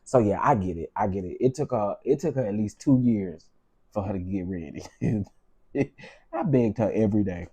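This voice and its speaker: On his own channel, a man with a lowish, mellow, husky voice shares personal stories at a moderate pace. It's emotional storytime commentary, frank and heated, with repetition like a preacher's.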